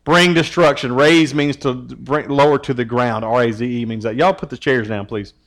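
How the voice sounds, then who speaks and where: A man's voice: mid-range voice, moderate pace, a bit bright. A man preaching a casual youth sermon, joking and teasing as he quizzes the group. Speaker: youth pastor.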